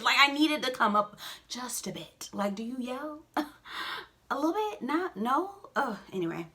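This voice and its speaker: A woman giving a casual, sassy recap of a reality show, with expressive asides and big swings in pitch. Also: normal speed.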